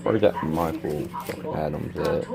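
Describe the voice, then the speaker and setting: A man's voice: extremely low pitch, a little slow, gravelly, over a noisy crowd. A middle-aged man, ranting angrily and repetitively to the camera. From Kentucky. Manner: agitated, repetitive, plain-spoken. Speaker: vlogger. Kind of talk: angry rambling rant to camera.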